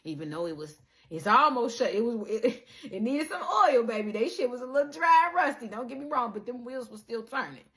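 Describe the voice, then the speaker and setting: A woman giving a casual spiritual monologue to her viewers, animated and profane, calling the listener baby and acting out the people she quotes. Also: fairly high pitch, fairly quick, few pauses. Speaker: spiritual content creator.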